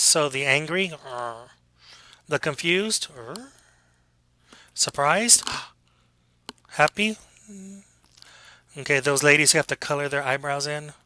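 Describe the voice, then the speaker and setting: A man giving a casual classroom lecture, joking with students, acting out quick examples and checking in with a frequent "okay?". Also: fairly high pitch, pushed and bright, no room sound, low-quality recording. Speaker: college lecturer.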